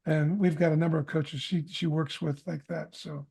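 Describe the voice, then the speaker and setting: A man's voice: a little high, steady tone, moderate pace, creaky, a little mellow, slightly rough. A middle-aged man, a podcast guest, telling a candid personal story, often stopping to correct himself and acting out what was said. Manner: candid, self-correcting storyteller who acts out quoted dialogue.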